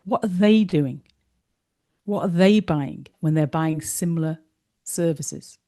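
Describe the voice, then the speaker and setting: A woman leads an online business lesson in a relaxed, mellow voice. She tells stories in a chatty way and slips into the voices of the people in them. She sounds like she is on a video call. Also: on the low side, takes it slowly. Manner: chatty storyteller, acts out dialogue. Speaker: business course tutor. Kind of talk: online teaching with anecdotes.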